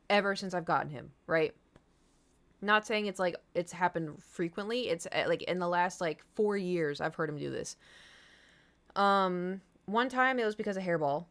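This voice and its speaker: A woman's voice: medium pitch, expressive, normal speed, fairly bright tone. A woman streamer chatting casually to her viewers, telling a long rambling story full of fillers and blunt swearing. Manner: rambling, filler-heavy, candid and profane.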